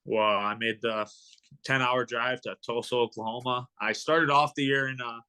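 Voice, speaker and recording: Young guy hockey player chatting on a podcast, bright voice, lots of uh and like. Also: medium pitch, fairly even intonation, normal speed, clean tone. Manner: rambling, filler-heavy storytelling. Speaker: guest, professional hockey player. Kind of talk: casual podcast interview.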